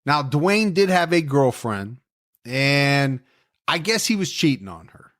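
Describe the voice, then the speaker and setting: A man's voice: medium pitch, big pitch swings, a little slow, fairly bright tone. Man casually telling a true-crime story. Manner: jokey, conversational storytelling with asides. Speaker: podcast co-host.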